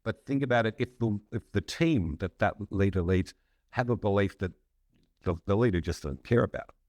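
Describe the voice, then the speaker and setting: A man, a psychologist and consultant explaining ideas in a measured, conversational way with frequent hesitations. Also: on the low side, a little mellow, dry recording. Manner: measured, frequent "um" and restarts, occasional laugh. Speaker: psychologist and consultant, podcast guest.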